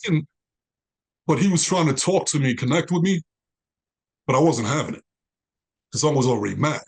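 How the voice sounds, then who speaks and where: Gravelly New man telling his story. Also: fairly high pitch, a little fast. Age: 40s. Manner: animated storyteller who acts out quoted dialogue. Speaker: interview guest. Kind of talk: storytelling in a conversational interview.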